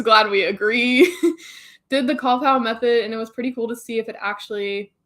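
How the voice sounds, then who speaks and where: A young woman in a relaxed live-stream chat, chatting freely as she reads out viewer comments and replies to them. Her voice sits a little high. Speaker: booktube host reading live chat.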